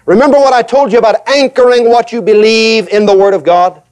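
A man preaching a sermon in an animated way, acting out the voices of reluctant believers and repeating points for emphasis. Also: very high voice, fairly quick, smooth. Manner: emphatic repetition.

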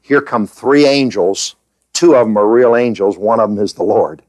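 A man's voice: on the low side, normal speed, darkish tone, no echo. A man preaching in conversational Bible-teaching style, who asks the listeners questions and fills gaps with "uh".

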